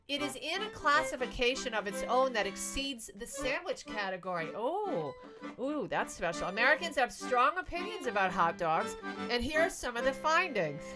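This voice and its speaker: A woman's voice: on the high side, lively intonation, moderate pace, over music. A woman co-hosting a comedy talk show, bantering playfully and reading out news items. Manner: playful, teasing, reads news items aloud. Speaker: co-host.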